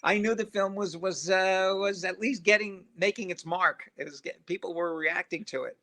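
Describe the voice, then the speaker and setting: A man's voice: sits high, moderate pace. An older man, a film director, telling anecdotes in an interview and acting out the voices of people in his stories. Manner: animated storyteller who acts out quoted voices.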